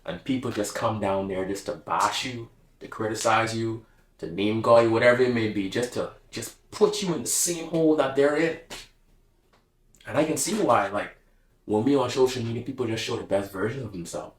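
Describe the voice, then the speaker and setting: A man's voice: medium pitch, normal speed, reverberant, rough recording. A man speaking casually to camera in a reflective, heartfelt monologue, slangy and open. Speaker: vlogger.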